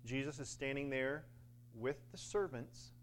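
A man's voice: mid-range voice, a little slow. A man preaching a sermon in a conversational way, with fillers and little acted-out quotes.

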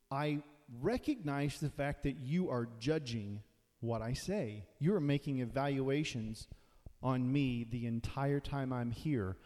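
A man's voice: medium pitch, dark tone. A man preaching a sermon in a conversational way, now and then acting out quoted voices. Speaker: pastor. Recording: long hall reverb.

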